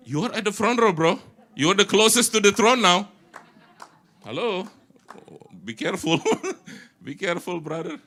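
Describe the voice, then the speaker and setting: A middle-aged man, an animated pastor preaching to a church and teasing the congregation. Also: high voice, moderate pace. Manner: animated, teasing the congregation, mixing English with Indonesian. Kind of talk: sermon.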